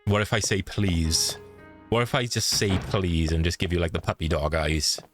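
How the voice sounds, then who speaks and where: Guy streaming from his room, super deep voice, chatty, game music going. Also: moderate pace. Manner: chatty, greets viewers by name. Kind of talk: livestream gameplay chat. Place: home room.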